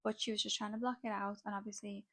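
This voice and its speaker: A woman's voice: mid-range voice, little pitch movement, quick pace, a bit bright, dry recording. Gossipy woman telling a story. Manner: dramatic, gossipy storytelling with many "like" fillers. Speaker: makeup artist vlogger. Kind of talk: storytime chat.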